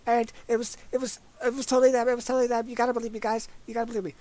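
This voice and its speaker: A man's voice: very high-pitched, little pitch movement, very fast, warm tone, voice pushed up. A man putting on the voice of a panicky player who keeps insisting on his innocence. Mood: frantic pleading. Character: panicky player pleading innocence, high and rushed.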